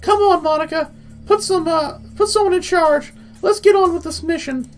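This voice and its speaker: A man in falsetto as a cold, impatient woman. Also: normal speed, faint music behind. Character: cold, distant woman on the team.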